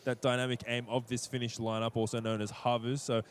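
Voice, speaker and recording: A man's voice: medium pitch, level tone, a little fast. A young man leading casual esports commentary, friendly, giving context and tossing questions to his partner. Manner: friendly, hosting, sets up context and asks co-caster questions.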